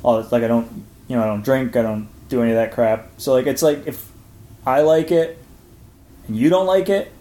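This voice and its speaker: A man who is a podcast guest, chatting in a relaxed, rambling way with lots of fillers. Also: medium pitch, a little fast. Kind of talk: casual chat. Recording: echoey room.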